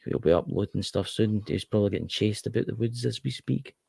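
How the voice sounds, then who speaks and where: A man co-hosts a casual podcast, rambling along and repeating his points. His voice is low and deeply gravelly, recorded close and dry. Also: brisk, darkish tone, no room sound. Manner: chatty, rambling, repeats himself. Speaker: podcast co-host. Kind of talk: casual chat.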